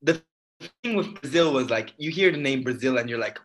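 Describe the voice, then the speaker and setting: A man telling stories in a casual group chat, animated and expressive. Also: medium pitch, fairly quick. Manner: animated storytelling.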